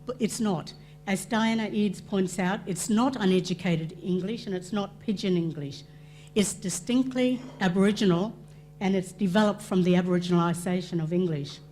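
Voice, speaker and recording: A woman delivers a presentation in an explanatory, conversational way, mid-pitched and steady. A faint hum sits under her voice. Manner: explanatory, with quick asides and acted-out quotes. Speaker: cultural awareness presenter. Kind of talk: presentation to an audience.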